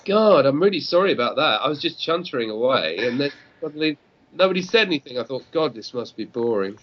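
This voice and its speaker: A man's voice: mid-range voice, animated, fast talker. A middle-aged man telling rambling anecdotes as a guest, often stopping to correct himself. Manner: rambling storyteller who restarts and corrects himself. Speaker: guest, radio producer. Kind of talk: casual chat, anecdotes. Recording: muffled online call audio.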